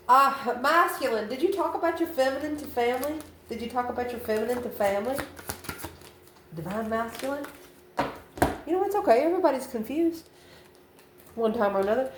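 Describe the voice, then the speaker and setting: A woman reading tarot cards in a loose, chatty way, calling the listener honey and laughing between cards. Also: mid-range voice. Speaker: tarot reader. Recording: roomy echo, faint ambient noise.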